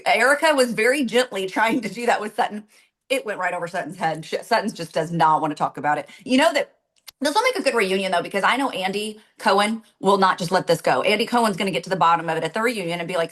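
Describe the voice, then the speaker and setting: A woman's voice: mid-range voice, lively intonation, quick pace, a bit bright. A woman co-hosting a casual recap chat, talking chattily and laughing often as she rambles. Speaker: podcast co-host.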